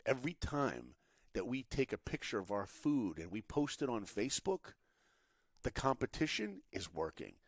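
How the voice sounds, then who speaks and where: A man's voice: medium pitch, moderate pace, dry recording, studio quality. A man telling motivational stories as a podcast guest, acting out the quotes with a lot of energy. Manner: animated, acts out quotes. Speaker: podcast guest, animation director. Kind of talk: motivational storytelling.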